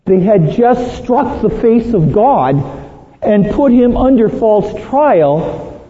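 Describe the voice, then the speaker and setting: A man delivers an earnest, emphatic sermon, his voice high and unhurried. The sound is thin and phone-like, and his words ring out through a long, echoing hall. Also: big pitch swings, warm tone, a little hiss or hum. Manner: earnest, emphatic, dramatizes Bible quotes. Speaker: preacher.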